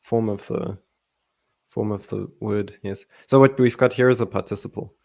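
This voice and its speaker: A man explaining Greek grammar in a relaxed Bible study chat, playful and laughing often. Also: fairly low pitch, normal speed, creaky.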